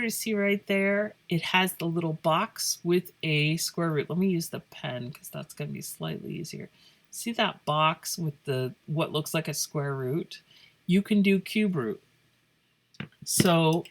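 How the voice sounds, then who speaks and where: A woman teaching a math lesson in a playful, joking way, thinking aloud as she works through problems. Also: on the low side. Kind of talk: casual classroom lesson. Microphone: phone camera over paper.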